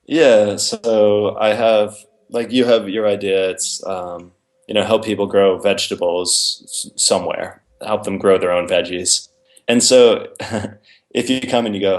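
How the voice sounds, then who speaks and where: A man's voice: fairly low pitch, fairly even intonation, a little slow. A man, an author and interview guest, explaining his ideas in casual conversation and acting out both sides of imagined dialogues.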